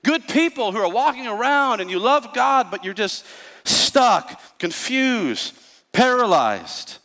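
A male pastor preaching a sermon, telling stories in an animated way and acting out the voices of the people in them. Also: very high voice, takes it slowly, big-room sound. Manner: storytelling, animated, acts out voices. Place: church.

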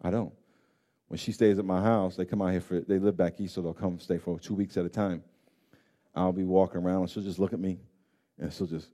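A man preaching a sermon as pastor. He swings from hushed, intimate words to loud, pleading emphasis and repeats phrases to drive them home. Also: low voice, a little fast. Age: adult parent of grown children.

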